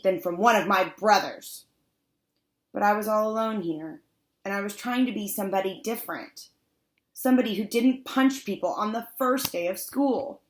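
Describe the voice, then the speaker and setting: A woman reading first-person audiobook narration with wry, deadpan asides. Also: mid-range voice.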